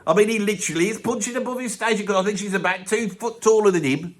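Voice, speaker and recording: A man's voice: high-pitched, fast talker. A man playing a grumpy older man from Birmingham with a Birmingham accent, ranting bluntly and swearing in a comic monologue. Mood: grumbling rant. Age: 70s. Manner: blunt, grumbling, swears constantly. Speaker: comic character.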